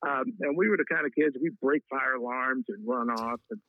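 A man from Kansas is a podcast guest. He tells a personal story in a reflective way and pauses often on "uh". His voice comes over a thin, phone-like line that sounds dry and close. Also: medium pitch, dry recording. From Wichita, Kansas, USA. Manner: frequent "uh" fillers, heartfelt and reflective. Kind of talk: storytelling interview.

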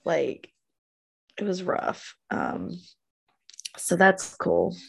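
A woman co-hosting a podcast, recapping a TV episode in casual chat, animated and gushing, laughing often. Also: lowish voice, very slow, vocal fry, breathy edge. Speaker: podcast co-host.

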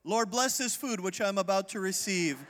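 A preacher doing a grizzly bear saying grace. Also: male voice, high-pitched, normal speed, a bit bright, a little hiss or hum. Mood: pious.

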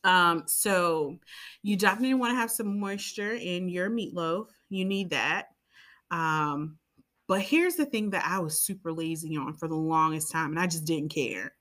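A woman's voice: lowish voice, normal speed, a bit bright. A woman co-hosting a podcast in a casual, chatty way, rambling into side tangents and playful asides. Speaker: podcast co-host. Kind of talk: casual chat.

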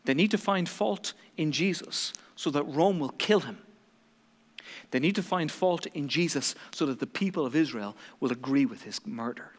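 A man's voice: on the high side, lively intonation, normal speed, big-room sound. A man preaching a sermon in a dramatic, emphatic way, acting out the quotes he reads.

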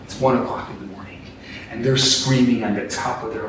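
A man preaching a sermon as a rabbi, animated and acting out quotes in different voices. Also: mid-range voice, a little fast, a little hiss or hum. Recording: echoey room, distant mic.

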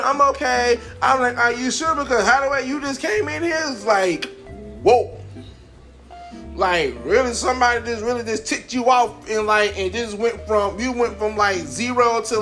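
High-voiced rambling man telling a story. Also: a bit bright. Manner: rambling, lots of filler "like", acts out quotes. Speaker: podcast host. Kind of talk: casual monologue, storytelling.

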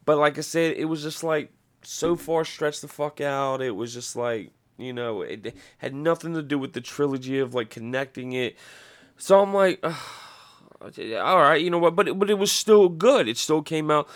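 A man in his thirties hosting a podcast, ranting casually and profanely, rambling with restarts and animated outbursts. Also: on the high side, moderate pace. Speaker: podcast host.

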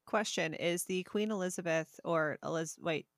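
A woman's voice: fairly low pitch, no echo, studio quality. Chatty woman co-hosting a podcast. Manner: chatty, teasing, quick asides. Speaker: podcast co-host. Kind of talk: casual podcast chat.

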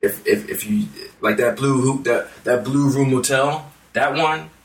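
A podcast co-host with a mid-range voice talks through songs a little slowly in a loose, rambling way, full of fillers and restarts. Sitting back from the mic, he sounds distant, and the room rings with reverb in this casual music chat.

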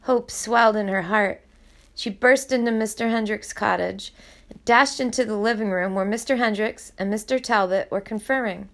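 A woman narrating a novel aloud in a steady, even storytelling voice. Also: medium pitch, moderate pace. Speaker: audiobook reader.

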